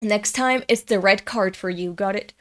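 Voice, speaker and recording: A woman's voice: mid-range voice, normal speed, fairly bright tone, natural voice. A woman reading as a stern male teacher.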